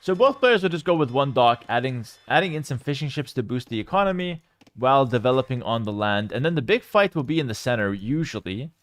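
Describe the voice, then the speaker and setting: A young man casting a strategy game live and chatting with his viewers, with sudden bursts of excitement. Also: mid-range voice, a little fast, no echo. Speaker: game streamer and caster. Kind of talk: live game commentary with chat.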